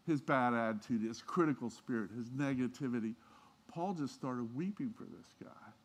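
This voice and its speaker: A man preaching a sermon, telling stories with feeling and swinging between hushed and emphatic delivery. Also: mid-range voice, moderate pace. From Southern United States. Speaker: pastor.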